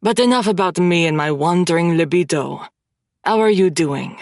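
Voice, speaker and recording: A woman reading an audiobook voices a suave, sardonic French male friend, pitched lower than her own voice. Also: animated, moderate pace, no room sound, clean studio sound. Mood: teasing. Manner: playful, sardonic.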